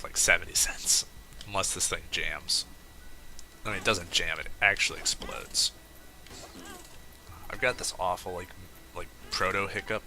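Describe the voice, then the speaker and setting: A man's voice: low-pitched, a little hiss or hum, rough recording. A young man giving casual, rambling commentary over a video game, telling a wry story with lots of restarts and asides. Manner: rambling, self-correcting, wry and animated when telling a story. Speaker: gameplay commentator.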